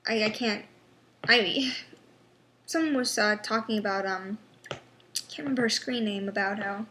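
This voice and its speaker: A young woman in a personal vlog, talking haltingly with many pauses and restarts, sounding frustrated and worn down. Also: mid-range voice, bright, forceful tone, slight background noise. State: unwell. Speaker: vlogger.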